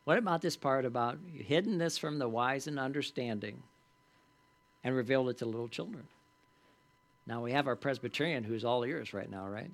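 A man with a medium-pitched voice teaches a Bible study class conversationally. He often checks in with the group through quick tag questions and reads scripture aloud with added emphasis.

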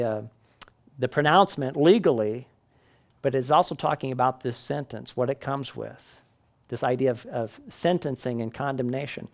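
A man teaching a Bible class in a conversational way, often checking in with the listeners. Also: a little high.

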